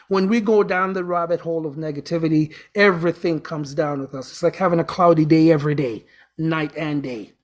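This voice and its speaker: Rambling chatty show host. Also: medium pitch. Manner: rambling, chatty, self-correcting, jokey. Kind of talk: casual spiritual talk.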